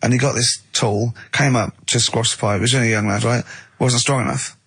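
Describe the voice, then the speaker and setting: A man co-hosting a radio show, telling lively anecdotes in casual banter and mimicking the people he quotes. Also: mid-range voice, a little fast, slightly rough, no room sound. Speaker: radio co-host. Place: radio studio.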